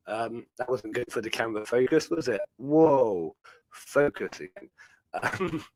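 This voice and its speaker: A young British man hosting a hobby livestream, rambling and chatty with lots of fillers. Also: medium pitch. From Britain. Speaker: livestream host. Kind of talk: casual chat.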